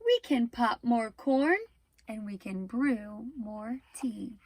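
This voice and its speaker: A woman doing a squeaky comforting little mouse. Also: slow pace, a little mellow, no room sound. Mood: soothing. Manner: soothing, squeaky. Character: small cheerful comforting mouse.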